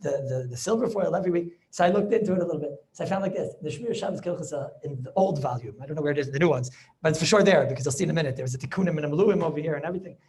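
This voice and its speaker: Racing along in a somewhat mellow voice on the high side, a man who is a rabbi runs an informal class by video call. His chatty delivery is peppered with Yiddish and Hebrew study vocabulary.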